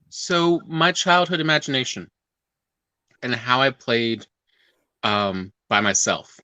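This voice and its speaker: A woman chats casually as a podcast co-host, often pausing to hunt for the right word. Her tone is bright and forward. It is recorded dry and close. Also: a bass voice, dry recording. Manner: hesitant, searching for words. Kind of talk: casual chat.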